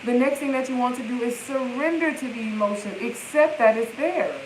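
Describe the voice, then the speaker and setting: A woman talks straight into her phone like a healing coach on a live stream. Her voice sits a little high, and she leans into emphatic, repeated affirmations. The room around her is echoey, with a faint hiss under the sound. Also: a little fast. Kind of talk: live-stream self-help talk.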